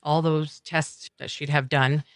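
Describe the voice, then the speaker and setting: Speaking earnestly as a podcast guest, a middle-aged woman tells a personal story in halting, reflective sentences. Her voice is low-pitched and level, recorded dry in a coffeehouse.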